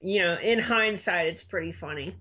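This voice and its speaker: Twenties, middle pitch, relaxed and enthusiastic casual talker. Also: moderate pace, husky, low-quality recording. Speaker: conversation partner. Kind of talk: casual chat.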